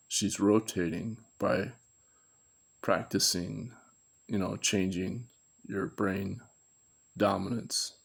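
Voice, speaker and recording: Slow, gravelly low-voiced man rambling. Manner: meandering, self-correcting, thinking aloud. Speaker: video commentator. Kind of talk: rambling unscripted monologue.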